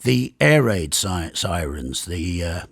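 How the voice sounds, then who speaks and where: Gravelly English rock singer in his 60s. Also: deep voice, very animated, takes it slowly, no room sound, studio quality. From England. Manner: rambling, many fillers and restarts. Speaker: guest. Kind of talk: candid conversational storytelling.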